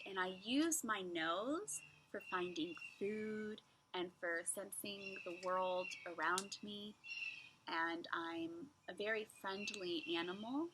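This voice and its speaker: A woman teacher leading a children's lesson, speaking slowly and patiently as she asks young children simple riddles. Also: mid-range voice, noisy background.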